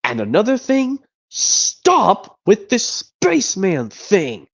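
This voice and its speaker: A man's voice: high-pitched, wildly swooping pitch, takes it slowly, vocal fry, voice pushed up, full character voice. Woody, a man doing a taunting cowboy doll. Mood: jealous, bossy. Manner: taunting, scolding. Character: cocky cowboy doll, jealous and bossy. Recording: dull lo-fi stream audio.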